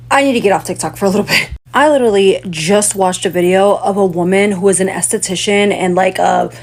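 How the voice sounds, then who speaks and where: A woman delivering a profane, indignant reaction rant as a commentator. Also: mid-range voice. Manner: indignant, swearing heavily.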